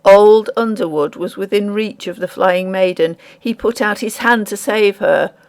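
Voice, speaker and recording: Slow gravelly woman narrator. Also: medium pitch, a little mellow. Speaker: audiobook narrator. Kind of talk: scripted narration.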